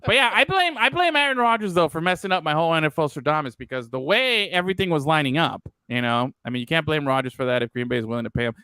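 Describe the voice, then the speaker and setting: Bright, crisp-voiced man rambling about football. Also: a little high, animated, fast, hardly any pauses, no echo. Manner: loose and profane, rambling with fillers. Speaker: podcast co-host. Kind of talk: casual sports talk.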